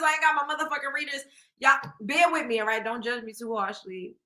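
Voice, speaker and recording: A woman's voice: sits high, flat delivery, brisk, bright, forceful tone. A young woman hosting a casual live stream, reading comments aloud, laughing often and swearing playfully.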